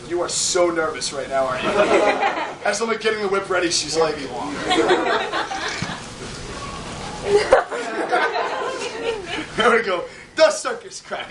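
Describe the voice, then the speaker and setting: A man performing a whip-cracking act live, rambling and teasing the crowd with jokes. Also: high voice. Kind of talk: live comedic stage patter. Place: large hall with a live audience. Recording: echoey, distant, crowd noise.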